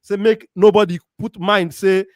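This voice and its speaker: A man from Nigeria, speaking with a Nigerian Pidgin accent, hosts a casual football chat show, reading out viewer comments and giving lively shout-outs. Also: high-pitched, moderate pace, no room sound, clean studio sound. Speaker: show host. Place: Warri, Nigeria.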